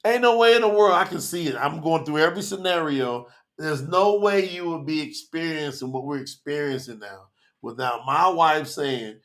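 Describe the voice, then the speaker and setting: A man teaching scripture in a casual, preachy way, reading verses slowly with deep feeling. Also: creaky, fairly bright tone. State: choked up.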